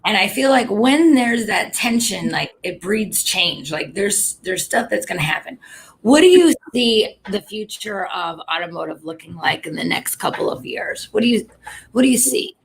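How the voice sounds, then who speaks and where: Animated female host from Michigan, encouraging, faint noise behind. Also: medium pitch, moderate pace, vocal fry, poor audio. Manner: encouraging, frequent short affirmations. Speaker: show host. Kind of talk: casual interview.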